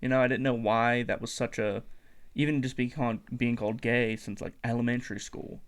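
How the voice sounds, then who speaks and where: Man, hesitant and reflective, mid pitch, casual podcast chat. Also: fairly even intonation, a little fast, smooth. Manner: hesitant, reflective, many fillers.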